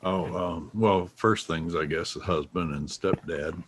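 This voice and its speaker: A man chatting as a guest in a low-key, hesitant way. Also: slow, a bit bright, a little hiss or hum. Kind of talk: casual chat.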